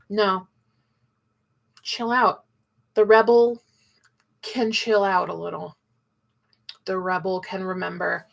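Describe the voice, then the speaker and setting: A woman's voice: medium pitch, takes it slowly, gravelly, pauses often, fairly bright tone. Chatty woman teaching an online class. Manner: playful, chatty, acts out quoted voices.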